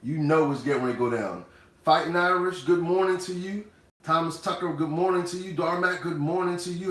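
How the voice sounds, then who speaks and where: A man hosting a cooking livestream, talking casually and speaking directly to his viewers. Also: a little high. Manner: conversational, addresses viewers directly. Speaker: cooking show host. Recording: roomy echoey room.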